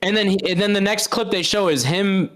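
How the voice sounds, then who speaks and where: A man's voice: sits high, a little fast, fairly bright tone, poor audio. A man co-hosting a podcast in casual chat, retelling a case in a rambling way. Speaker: podcast co-host.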